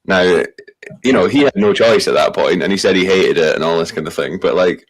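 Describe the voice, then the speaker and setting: A man's voice: low voice, fairly quick. A young Scottish man telling long rambling anecdotes in a casual podcast chat. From Scotland. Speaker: tour company owner.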